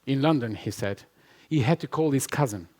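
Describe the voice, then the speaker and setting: A man speaks at a live conference, hammering points with repetition. His voice sits in a middle pitch, and he laughs easily as he answers questions. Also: animated, normal speed, darkish tone. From Albania. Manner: emphatic, repetitive, laughs often. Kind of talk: conference talk and Q&A. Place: conference hall with live audience.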